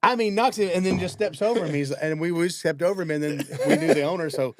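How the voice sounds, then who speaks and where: A man hosting a podcast, chatty and quick to laugh while telling anecdotes. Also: on the high side, a little hiss or hum. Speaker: podcast host. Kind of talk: casual podcast conversation.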